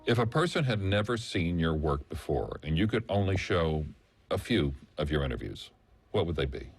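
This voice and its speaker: A man's voice: deep voice, sing-song, moderate pace, creaky. A man off camera asking plain, direct interview questions.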